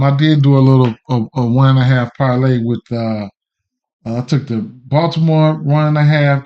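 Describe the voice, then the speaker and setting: A relaxed man hosts a betting livestream and talks in a loose, slangy ramble, greeting viewers by name as he goes. His voice sits at an ordinary pitch. The stream audio is a little dull and lo-fi. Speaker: sports betting podcast host. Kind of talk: casual livestream chat.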